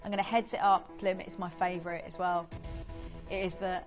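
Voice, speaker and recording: A woman presenting a live jewellery auction on a shopping channel, gushing over the stones in rapid sales patter and reeling off bidders' names. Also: on the low side, level tone, soft background music. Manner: reels off bidder names and congratulations.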